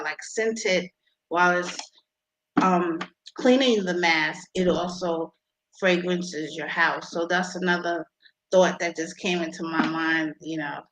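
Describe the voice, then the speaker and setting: A woman being interviewed about her invention, talking with many pauses and restarts. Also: fairly low pitch, a bit bright, slight background noise, poor audio. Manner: halting, many ums and restarts. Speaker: inventor guest.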